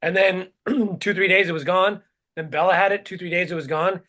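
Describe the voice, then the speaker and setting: A man's voice: high voice, steady tone, brisk, bright, forceful tone. A man co-hosting a podcast, ranting in a heated, profane, rambling way. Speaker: podcast co-host. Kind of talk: casual chat, ranting.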